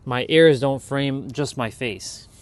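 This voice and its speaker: Outside in a yard, a man talks casually to his livestream at an ordinary middle pitch and a slow pace. His chatty, rambling talk drifts from thought to thought with an encouraging tone.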